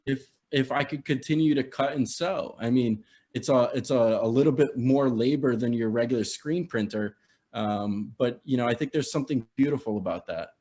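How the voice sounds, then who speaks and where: A male guest answering interview questions in an easy, mid-pitched voice. He speaks thoughtfully and restarts phrases by repeating words. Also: moderate pace, a little mellow. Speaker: guest, clothing designer. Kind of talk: casual interview.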